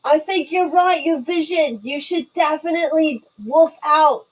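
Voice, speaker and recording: A woman voicing Pippa, a young adventurer yelling encouragement to a friend across a battlefield in a tabletop game. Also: high voice, measured pace, voice pushed up. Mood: urging. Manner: urgent, yelling across a distance.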